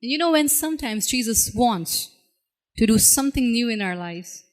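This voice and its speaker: A woman's voice: animated, moderate pace. A woman preaching a sermon, with rhetorical questions to her listeners and dramatic voicing of the people she quotes. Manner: dramatic, acts out quoted voices with sudden pitch swings; repetitive rhetorical questions to the congregation.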